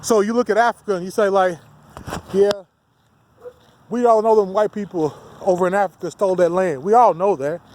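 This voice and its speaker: A man's voice: high-pitched, a little fast, a little mellow, slight background noise. A man delivering a heated, profane, rambling rant as a solo vlogger. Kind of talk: ranting monologue to camera.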